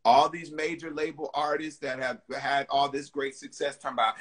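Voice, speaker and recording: A man, a singer being interviewed, chatting casually and telling lively stories. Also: a little high, unhurried. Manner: lively storytelling, acting out other people's lines. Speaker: singer guest.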